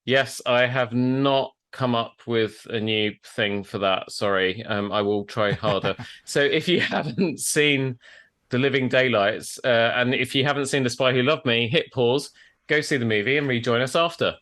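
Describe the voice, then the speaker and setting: A man hosts a relaxed podcast over a video call. His voice sits in a middle register, and he talks in a chatty way and laughs easily between scripted bits. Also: mid-range voice, normal speed. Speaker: podcast host and tailor. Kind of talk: casual podcast chat.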